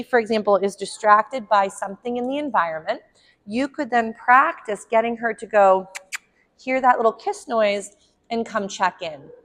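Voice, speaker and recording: A woman's voice: on the high side, fairly bright tone. Friendly woman dog trainer explaining. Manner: friendly and explanatory, with frequent ums and asides to the puppy. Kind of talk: instructional dog-training demo. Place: at home, training a puppy.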